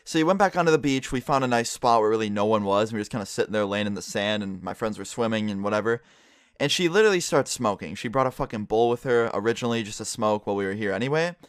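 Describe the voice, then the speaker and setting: A man's voice: lowish voice, expressive, fast talker, smooth, dry recording, studio quality. A young man vlogging and streaming, telling a story in a casual way and swearing constantly. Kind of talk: storytime vlog.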